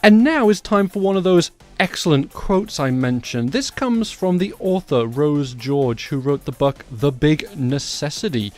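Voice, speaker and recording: A man hosting a podcast, giving sarcastic, animated comedic commentary on the news. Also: a little high, unhurried, hardly any pauses, soft background music. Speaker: podcast host.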